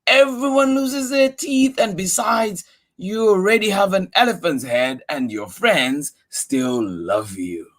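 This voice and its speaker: Casting: squeaky, high little male mouse from a storybook, voiced by a man, slightly husky. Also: animated, slow pace, fairly bright tone, full character voice. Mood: comforting. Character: small squeaky male mouse, loyal friend.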